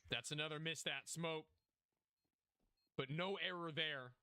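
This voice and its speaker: A man's voice: on the high side, measured pace, sharp tone, smooth, dry recording. A young man casually commentating a game match, hyped and joking, talking to chat. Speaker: esports caster.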